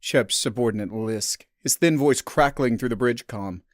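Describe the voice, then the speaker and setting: A man narrating a science-fiction story in a measured, subdued scripted reading. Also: medium pitch, dry recording, clean studio sound.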